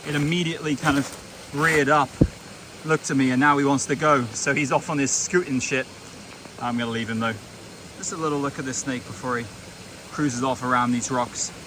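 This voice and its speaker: A young man hosting a vlog, chatting excitedly and casually as he films outdoors at night by a forest stream. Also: mid-range voice, moderate pace, noisy background. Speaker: vlog host. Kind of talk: casual on-the-spot field commentary.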